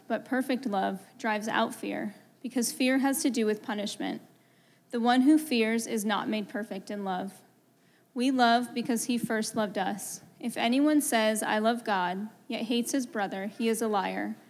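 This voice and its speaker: A woman reading a scripture passage aloud in church, steady and measured. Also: a little high. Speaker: scripture reader. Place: church sanctuary. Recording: reverberant church hall.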